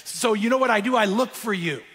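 A man preaching a sermon in a high, bright voice. Long reverb from the large hall rings behind him. He switches between hushed, intimate storytelling and raised, emphatic preaching. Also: fairly quick. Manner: drops to a hushed, quiet voice when telling a moving story; rises to higher, emphatic preaching when making points. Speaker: pastor.

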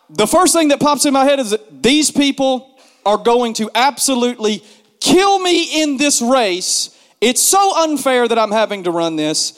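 A man telling a comic story in an animated, self-mocking way, repeating words for emphasis. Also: very high voice. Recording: long hall reverb.

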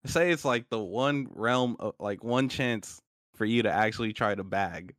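A man's voice: lowish voice, measured pace, a bit bright, no room sound, studio quality. A young man in casual podcast chat, rambling with many fillers and laughing often. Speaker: podcast co-host.

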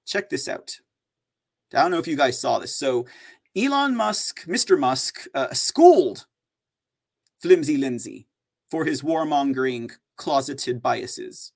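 A man's voice: a little high, lively intonation, unhurried, gravelly. A man hosting an opinion news show, talking in a sarcastic, mocking way.

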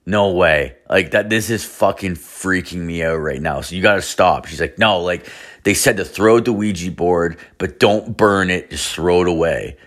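A young man from Canada tells a wild story in a casual, rambling way. His voice sits a little low, and he swears constantly, piles on fillers and slips into the voices of the people he quotes. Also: normal speed, a bit bright.

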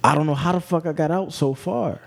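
A man's voice: on the high side, brisk, gravelly. A man co-hosting a podcast, telling a story in slangy, laid-back casual chat. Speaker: podcast co-host.

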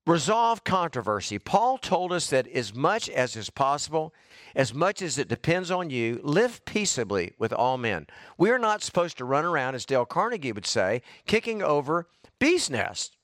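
A middle-aged man preaches a fervent sermon, breaking into exclamations of praise. His voice sits fairly high for a man, and the recording is dry and close, with little room sound. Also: big pitch swings, moderate pace, fairly bright tone, dry recording. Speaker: pastor.

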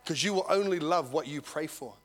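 A man's voice: on the high side, brisk. A male pastor, preaching a sermon to his church, telling a story and acting out the voices in it. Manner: animated storytelling, acts out dialogue, asks congregation "Amen?".

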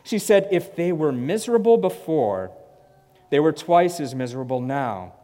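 A man preaching a sermon in an emphatic way, repeating phrases and swinging from loud to hushed. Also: fairly high pitch, big pitch swings, normal speed. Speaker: pastor. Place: church hall. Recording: long church-hall reverb.

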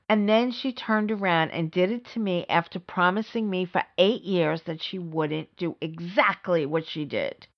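A middle-aged woman hosting a podcast, telling a personal story in an emphatic way, repeating words for stress and swinging between high and low. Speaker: podcast host. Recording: slightly dull lo-fi audio.

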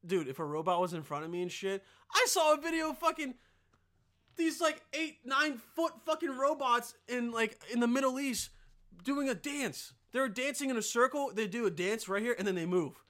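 A young man hosting a podcast, riffing in a rambling, profane, casual comedic rant and now and then bursting into loud yelled impressions. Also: very high-pitched, normal speed. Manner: rambling, profane, full of filler.

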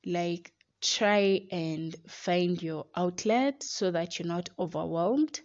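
A woman's voice: on the low side, takes it slowly, few pauses, a little mellow. Chatty woman, dull lo-fi sound. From Kenya. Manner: chatty, addresses listeners as guys, many likes. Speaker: podcast host. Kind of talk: casual motivational monologue. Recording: dull lo-fi recording.

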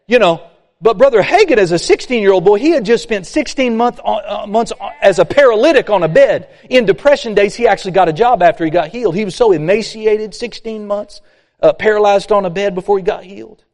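A man preaching a sermon, folksy and animated, acting out complainers. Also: high voice, fairly quick. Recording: long hall reverb.

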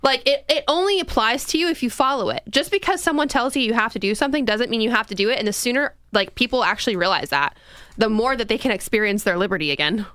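Fast, bright-voiced talk radio co-host. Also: female voice, a little high, clear, resonant tone, no echo. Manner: animated, emphatic, laughs often. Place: radio studio. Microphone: studio microphone.

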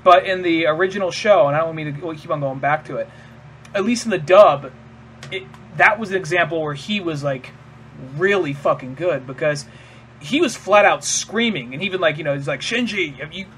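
A man's voice: fairly high pitch, moderate pace, a bit bright, a little hiss or hum. A man co-hosting a podcast, rambling in casual chat, laughing and swearing and acting out quotes. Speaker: podcast co-host.

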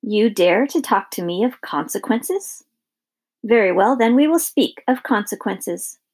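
A woman voicing a cold, scornful old witch who counts her gold in a slow, flat, menacing way. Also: medium pitch, slightly rough. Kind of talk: audiobook character reading.

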